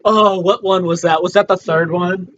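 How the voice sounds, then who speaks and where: A man's voice: high-pitched, fairly even intonation, moderate pace, fairly bright tone. A young man co-hosting a podcast, joking and teasing in casual chat on a handheld mic. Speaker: podcast co-host. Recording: dull lo-fi mic with faint noise.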